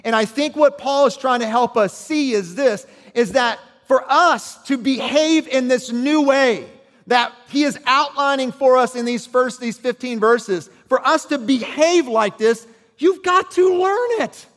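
A man's voice: extremely high pitch, measured pace, fairly bright tone, in a large hall. A man preaching a sermon as pastor, talking conversationally and checking in with his listeners.

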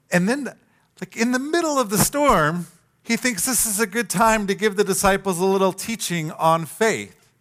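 A man's voice: sits high, a bit bright. A man preaching a sermon, telling the story with energy and acting out the quoted lines. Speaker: pastor.

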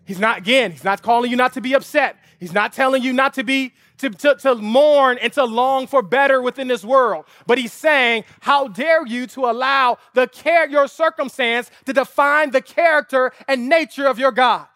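A male pastor with an extremely high, bright, forceful voice preaches at a moderate pace, barely pausing at all. At this outdoor lawn service, his impassioned sermon tells a vivid family story and climbs to emphatic, repeated rhetorical appeals. The sound is clean, studio-grade, with no echo.

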